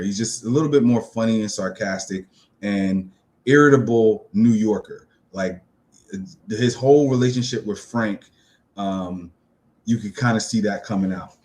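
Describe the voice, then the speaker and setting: A man with a fairly low voice gives a casual spoken film review. He rambles loosely and upbeat, filling gaps with ums and uhs as he works through his notes. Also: a little mellow. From New York City. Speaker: movie reviewer.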